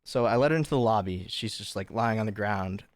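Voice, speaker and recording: A man's voice: fairly low pitch, fairly quick, no echo. A young man livestreaming to his chat, casually telling a long story with lots of fillers and swearing. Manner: chatty, swearing, animated retelling with many fillers. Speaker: livestream host.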